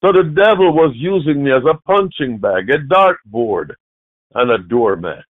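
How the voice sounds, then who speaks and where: A male preacher delivers a sermon with a lively, wide-ranging voice, jumping from shouted mimicry to quiet, low lines. The sound is thin and tinny, like a phone line, with no room echo at all. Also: unhurried. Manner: dramatic preaching, shifts from loud shouted mimicry to low near-whispers. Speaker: pastor.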